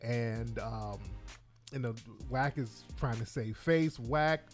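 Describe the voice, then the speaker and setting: A man's voice: mid-range voice, slow pace, soft background music. A man hosting a casual radio chat show, laid-back and slangy, laughing often as he talks.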